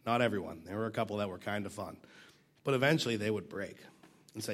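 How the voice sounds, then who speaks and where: A man's voice: lowish voice, animated, quick pace, breathy edge. A man teaching a Bible passage in a casual, conversational way, fighting a cough and sometimes dropping to a near whisper. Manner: conversational, self-deprecating, drops to near whisper at times.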